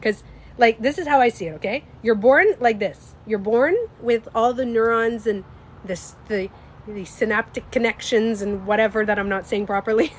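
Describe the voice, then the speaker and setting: A woman with a slightly stuffy nose, chatting casually on a livestream. She talks in an animated, emphatic way, swears freely and speaks to her viewers. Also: on the high side, normal speed, slight background noise. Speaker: livestreamer and beauty coach.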